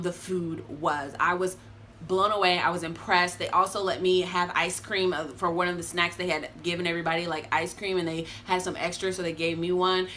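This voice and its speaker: A young adult woman talking casually to her viewers in a review vlog, chatty and expressive, calling them y'all. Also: on the low side, a little hiss or hum. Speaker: vlogger.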